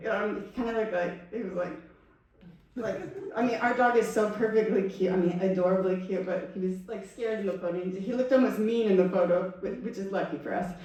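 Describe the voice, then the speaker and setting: A woman giving a storytelling talk at a Sunday service, animated and laughing as she acts out what people said. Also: mid-range voice, brisk. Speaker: guest speaker. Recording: echoey hall, voice from far off.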